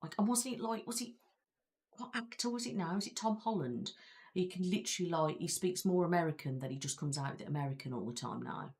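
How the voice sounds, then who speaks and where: Speaking quickly in a lowish, slightly mellow voice, a woman with a Belfast accent chats casually with viewers while hosting her ASMR live stream. She's from Belfast, Northern Ireland, and she rambles with frequent fillers.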